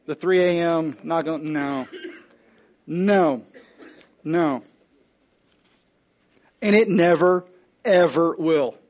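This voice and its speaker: A preacher man with a high voice tells the story with playful humor. He slips into the characters as he goes and speaks right to the congregation. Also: takes it slowly, pauses often, a little mellow. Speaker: pastor. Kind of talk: comedic sermon storytelling.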